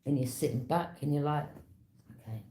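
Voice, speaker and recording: A tarot reader with a warm voice on the low side takes her time, reading in a casual, conversational storytelling way that's knowing and direct. There's a little hiss or hum, and the room echoes.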